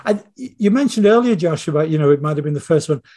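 A man with a slightly higher voice talks as a podcast guest, wandering through anecdotes. He stops and restarts his sentences often and is chatty and informal. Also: animated, quick pace, dark tone. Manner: rambling, anecdotal, self-interrupting. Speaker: screenwriter guest. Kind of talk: casual interview chat.

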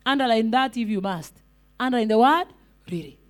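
A woman's voice: on the high side, expressive, fairly quick. A woman evangelist preaching a sermon, repeating rhetorical questions and calling out to the congregation.

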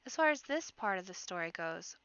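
A woman's voice: mid-range voice, sing-song, a little fast, a bit bright, clean tone, no room sound, highs cut off. A woman doing a jolly old rabbit bard. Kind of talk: storybook reading.

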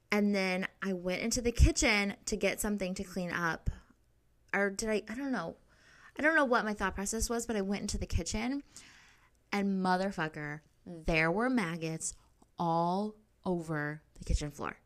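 A woman's voice: medium pitch, moderate pace. A young adult woman hosting a podcast, telling a story in a casual, rambling way, full of filler words and frequent swearing. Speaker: podcast host.

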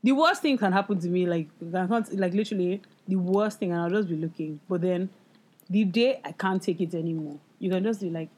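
A woman's voice: fairly low pitch, fairly quick, darkish tone. Young woman, podcast co-host, casual storyteller, mimics others. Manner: storytelling, acts out quoted people. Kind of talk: casual chat.

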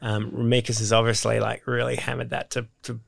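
A man's voice: mid-range voice, little pitch movement, a little fast, gravelly, no room sound. A man, a comedian guest on a podcast, chatting casually with a wry, joking manner. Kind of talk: casual chat.

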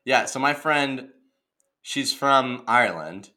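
A man's voice: mid-range voice, expressive, slow, bright, forceful tone. A man with a Southern US accent, joking through a casual chat and laughing often.

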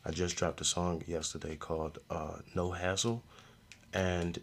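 A young man hosting a podcast, giving a casual, slangy review of a show with frequent laughs and animated outbursts. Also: measured pace. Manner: animated, slangy, laughs often, loud jumps in pitch. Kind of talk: casual solo review chat.

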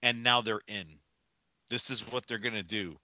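A man holds forth on a casual sports podcast, emphatic and ranting, circling back to the same point for effect. His voice is very bright and cutting, and the sound is close and completely dry. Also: lowish voice, fairly even intonation, moderate pace, dry recording. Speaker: podcast co-host.

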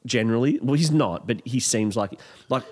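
A man's voice: mid-range voice, normal speed, darkish tone. A man with an Australian accent, bantering casually and mockingly with a co-host, swearing freely. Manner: jokey, swears, mocks in put-on voices. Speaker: podcast co-host. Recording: roomy long reverb.

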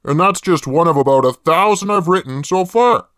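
A man's voice: fairly high pitch, expressive, moderate pace, a bit bright, clean tone, no room sound, studio quality. A man doing a gleeful, vulgar jailed killer. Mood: vulgar taunting. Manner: mock-poetic, profane taunting. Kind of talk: comedic impression bit.

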